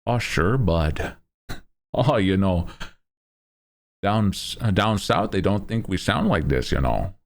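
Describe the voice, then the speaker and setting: A cheery, folksy Upper Midwestern fellow, as a deep-voiced man puts him on for a comic bit on a livestream. His vowels stretch out in a sing-song lilt, sitting a little above his very low natural register. The voice is slow and gravelly. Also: expressive, exaggerated voice.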